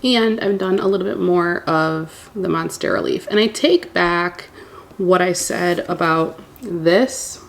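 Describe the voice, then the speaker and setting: A woman casually telling a storytime tale to her viewers, animated and acting out what people said. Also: on the low side, slow, vocal fry. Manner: animated retelling, acting out quoted dialogue.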